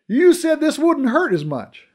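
A man performs a loud, panicky cop, screaming in a full character voice pitched above his own. It's very high-pitched and sing-song, delivered at a measured pace.

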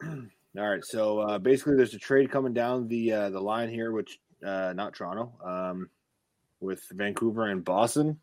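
A low-pitched man chatting loosely as a podcast co-host, teasing his friends. His joking banter keeps rolling along in a dry, close recording with no room sound. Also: fairly even intonation, moderate pace, dry recording. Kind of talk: casual chat.

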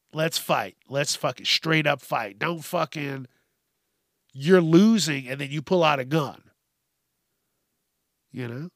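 Podcast host, male, ranting hard and swearing a lot; gravelly, slightly high voice, dry close sound. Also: fairly bright tone, no room sound. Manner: heated, sweary, sarcastic. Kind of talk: profane comedic rant.

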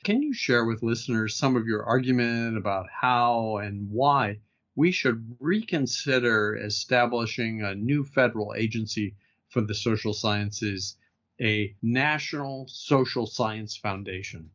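Slow-talking male interview host. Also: mid-range voice, a bit bright, dull audio. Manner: unhurried, reads quotes before asking. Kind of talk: podcast interview questions.

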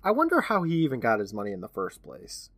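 A man with a mid-range, slightly rough voice talks fast, with no echo in the recording. As a podcast co-host recapping an episode in casual chat, he's an animated storyteller who laughs often and acts out lines.

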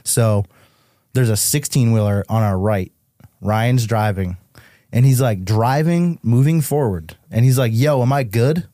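A young guest musician from Massachusetts tells tour stories on a podcast, casual and very animated, swearing often and saying "like" constantly. His voice is low and mellow at a measured pace, recorded dry and close.

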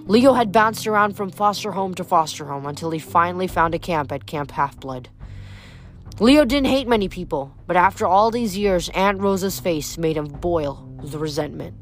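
A woman reading a novel aloud in an expressive narrating voice. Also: on the low side, moderate pace, soft background music. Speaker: reader.

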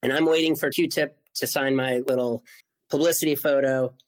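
Guest in his forties, lively storytelling man, mid-pitched voice. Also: normal speed. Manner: animated, acts out quoted voices, many "like" fillers. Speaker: interview guest. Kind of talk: storytelling in conversation.

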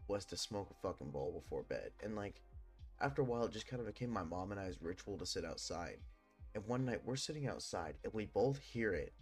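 A young man hosting a podcast, rambling through a personal ghost story with lots of swearing and fillers. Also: fairly low pitch. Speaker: podcast host. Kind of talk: casual storytelling.

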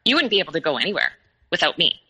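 A woman voicing a jealous, drunk female friend who hurls shrill accusations. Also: big pitch swings, racing, pushed and bright, husky, long reverb tail, heavily acted, poor audio. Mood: taunting.

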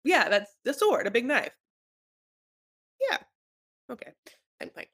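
A woman's voice: fairly high pitch, big pitch swings, unhurried, fairly bright tone, slightly rough. Rambling playful woman co-host. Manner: rambling, lots of fillers, playful. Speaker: podcast co-host. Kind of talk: casual recap chat.

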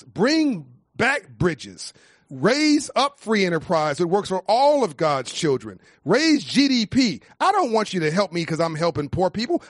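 Man, high-pitched, impassioned panel speaker with a rousing, repetitive cadence, very dry close sound. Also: dry recording. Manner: emphatic, preacher-like cadence with repeated phrases. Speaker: nonprofit founder speaking on a panel.

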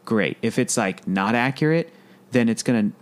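A man's voice: medium pitch, lively intonation, normal speed. A man hosting a casual podcast, asking questions, laughing often and swearing freely. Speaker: podcast host.

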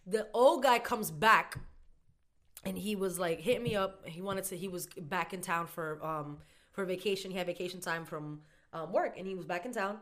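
A woman's voice: on the low side, normal speed, a bit bright. A young woman co-hosting a casual chat, telling a story in slang and acting out both sides of the conversation. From Boston area. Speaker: podcast co-host.

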